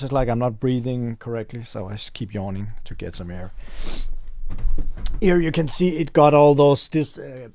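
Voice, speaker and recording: A man's voice: mid-range voice, expressive, normal speed, a little mellow. Rambling man chatting on a livestream. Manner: rambling, thinks aloud, reads chat. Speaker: store owner livestreaming. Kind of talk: casual livestream chat.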